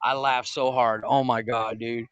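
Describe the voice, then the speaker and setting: Laughing, swearing podcast co-host, dry close mic. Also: male voice, mid-range voice, flat delivery, unhurried, a bit bright, smooth, no echo, dull audio. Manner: storytelling with frequent laughter, swearing. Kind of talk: casual comedy podcast chat.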